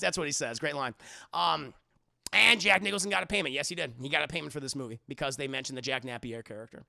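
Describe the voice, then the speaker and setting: A man's voice: on the high side, fast talker, creaky, pushed and bright, no echo, clean studio sound. A man casually recapping a movie on a live stream, rambling and profane and talking to chat. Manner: rambling and profane, full of fillers, addresses chat.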